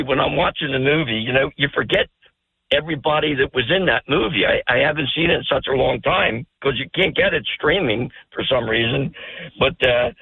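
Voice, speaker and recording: An older man calling in to a radio show, chatting casually, rambling and stammering with a gravelly voice. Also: a little high, no echo. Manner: rambling, stammers and repeats words. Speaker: phone-in guest. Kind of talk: casual talk radio chat. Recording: dry tinny phone line.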